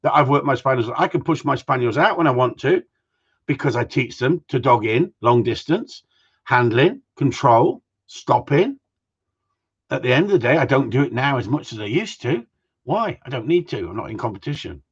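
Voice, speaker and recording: A man's voice: medium pitch, animated, moderate pace, slightly rough, dull audio. A middle-aged man who trains gundogs, hosting a casual live-stream Q&A and ranting bluntly, swearing freely as he rambles through his opinions. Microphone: live-stream mic.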